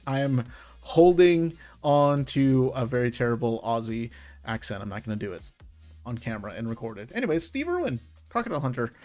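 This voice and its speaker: A man hosting an online trivia night, reading out answers in a chatty, rambling way and correcting himself as he goes. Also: medium pitch. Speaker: trivia quiz host. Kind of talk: casual live quiz hosting.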